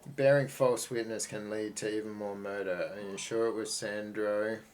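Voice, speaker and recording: A man reading out his game hero's dialogue choices in a flat, matter-of-fact way. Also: on the low side, moderate pace, natural voice. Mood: curt.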